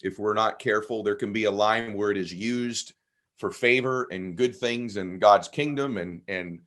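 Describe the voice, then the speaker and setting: A man, a guest on an interview podcast, telling personal stories with animated emphasis. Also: on the low side, moderate pace. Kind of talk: storytelling conversation.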